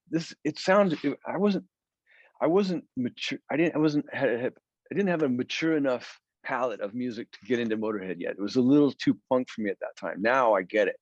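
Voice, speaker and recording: A man's voice: mid-range voice, no room sound. Casual rambling guy from philly telling stories, dry muffled audio. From Philadelphia area, USA. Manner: rambling, animated storyteller with many restarts. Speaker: guest guitarist. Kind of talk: storytelling interview chat.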